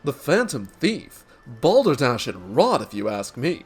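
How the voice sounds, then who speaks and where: A man's voice: medium pitch, wildly swooping pitch, unhurried, husky, faint music behind, exaggerated voice. A man voicing an arrogant, spoiled rich young man with a haughty drawl.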